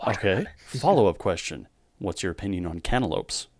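Podcast host, male, slightly low voice, jokey and easygoing. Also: sing-song, fairly quick, dry recording, clean studio sound. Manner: jokey, laughs easily. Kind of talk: casual chat.

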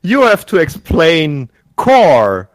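Slow, giggly co-host man. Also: fairly high pitch, wildly swooping pitch, no echo. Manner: giggly, teasing. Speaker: podcast co-host running a game. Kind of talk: casual podcast chat.

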